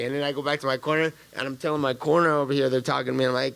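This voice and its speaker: Gravelly, blunt, profane man. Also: mid-range voice, level tone, racing, few pauses, a bit bright, dry recording. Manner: blunt, profane, loose street slang, rambling. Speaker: fighter at a post-fight press conference. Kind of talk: post-fight press conference answers. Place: press conference room.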